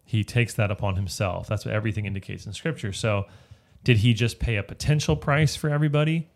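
A man's voice: lowish voice, quick pace, vocal fry. A man leading a casual Bible study, explaining a passage step by step and often checking in with "right?". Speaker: Bible teacher.

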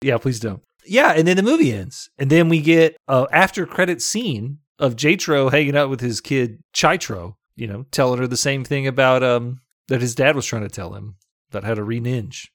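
A man recaps a film in a loose, casual chat, laughing often as he acts out lines. His voice sits at an ordinary middle pitch, and the sound is close and dry with no room echo. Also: expressive, normal speed. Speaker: podcast co-host. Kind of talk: casual movie-review chat.

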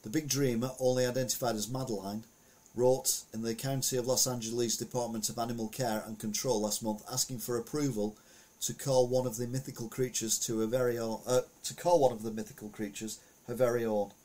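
Husky man, chatty news commentary. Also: medium pitch, fairly even intonation, a little fast, few pauses, mellow. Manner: rambling, chatty, anecdotal with asides. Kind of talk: casual commentary on the week's news.

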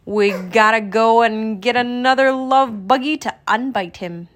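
A woman voicing a bouncy, boastful male tiger in a storybook reading, loud and eager. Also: fairly high pitch, a little slow, close to an everyday voice. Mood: excited.

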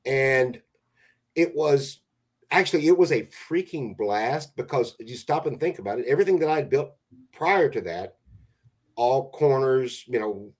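An easygoing man, a guest on a podcast, talks in a loose, rambling way. He stops and restarts his sentences often. His voice has an average pitch and a plain tone. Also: expressive, a little slow, husky. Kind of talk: casual podcast chat.

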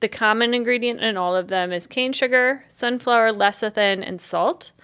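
A woman's voice: on the high side, normal speed, a bit bright. Chatty woman telling a rambling story. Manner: rambling storyteller, heavy on fillers and "like"; swears casually. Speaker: podcast co-host. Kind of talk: casual chat.

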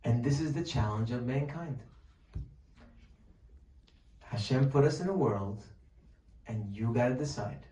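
Male preacher, mellow voice from a distance in a roomy hall, lively rhetorical delivery. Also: mid-range voice, measured pace, pauses often. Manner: animated, rhetorical questions, acts out pleading voices. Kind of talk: sermon. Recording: distant mic, echoey room, faint noise.

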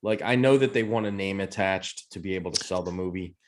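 A man's voice: sits low, brisk. A man joining a pop-culture podcast in casual chat, talking bluntly and swearing. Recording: clear background noise.

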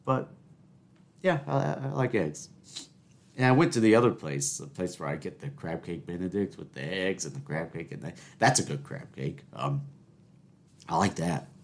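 A man hosts a solo podcast in a fairly low voice. He rambles through stories and talks back to himself in the second person. His speech is full of stammered restarts. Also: animated, normal speed, creaky. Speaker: podcast host.

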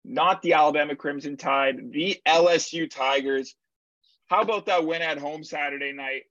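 Young male co-host, casual and sure of his picks, mid pitch, dry slightly muffled sound. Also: normal speed, fairly bright tone, no echo. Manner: confident, rattles off picks and betting lines. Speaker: podcast co-host. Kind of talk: casual sports chat.

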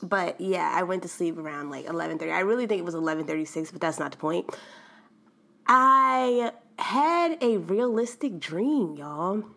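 Chatty, animated young woman host. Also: lowish voice, normal speed, creaky. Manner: animated, chatty, laughs often. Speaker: podcast host. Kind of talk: casual storytelling monologue.

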